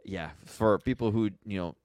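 A man's voice: on the low side, normal speed, darkish tone, clear, resonant tone, no echo, studio quality. A man from Minnesota, co-hosting a podcast, telling a rambling story in casual chat with laughs. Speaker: podcast co-host.

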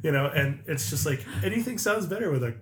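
A man's voice: fairly high pitch, expressive, fast talker, noisy background. A man hosting a casual podcast chat, playful and laughing, slipping into comic voices as he tells stories. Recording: echoey room.

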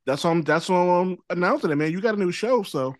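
A man's voice: high-pitched, expressive, fast talker, dry recording. A man hosting a podcast in casual chat, loose and rambling, often checking in with "you know what I mean.". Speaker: podcast host.

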